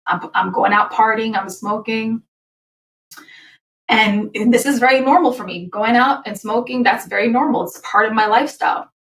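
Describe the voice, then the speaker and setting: A woman, a singer and the guest, telling her personal story candidly in a lively, quick way, with restarts along the way. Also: fairly high pitch, roomy sound, distant mic, low-quality recording. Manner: animated, quick, with laughs and restarts.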